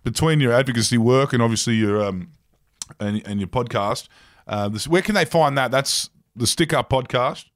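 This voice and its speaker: A man hosting a podcast interview, easygoing and laughing along, with halting fillers. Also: medium pitch, dry recording, clean studio sound. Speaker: podcast host. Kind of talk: casual interview chat.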